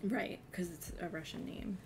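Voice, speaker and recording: A woman's voice: lowish voice, moderate pace, vocal fry, over music. A young woman from New Jersey with a slight New Jersey accent, chatting casually with her stream chat, giggly and self-deprecating.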